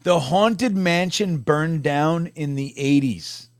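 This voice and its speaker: A man's voice: fairly high pitch, slow pace, dry recording. A middle-aged man co-hosting a casual sports chat stream, rambling through stories in a laid-back way. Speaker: podcast co-host.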